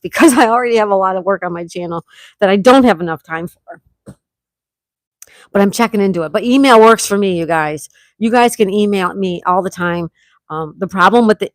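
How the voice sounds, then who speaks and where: A middle-aged woman hosting a casual livestream, reading viewers' comments aloud and chatting back warmly. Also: mid-range voice, no echo, clean studio sound. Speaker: livestream host reading chat. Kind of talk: casual live chat.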